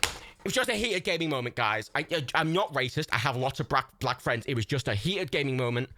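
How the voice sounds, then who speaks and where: A man voicing a hyped young male bro gamer streamer, loud, slangy and excitable, in a mock streamer parody. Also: mid-range voice, fairly quick. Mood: defensive.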